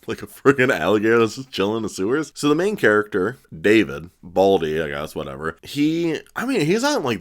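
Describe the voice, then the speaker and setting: A young man reviewing a movie in a casual, rambling way, laughing as he talks. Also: low voice.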